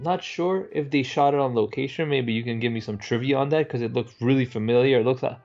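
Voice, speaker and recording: A man's voice: medium pitch, vocal fry, darkish tone, muffled recording. A man co-hosting a film podcast in casual discussion, bantering and swearing freely. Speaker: podcast co-host.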